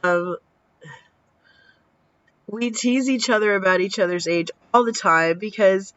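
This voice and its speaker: Short on sleep, a vlogger in her thirties recounts a story, performing the quoted dialogue with animation and casual swearing. Her voice is mid-range and a little slow, captured in dull lo-fi audio.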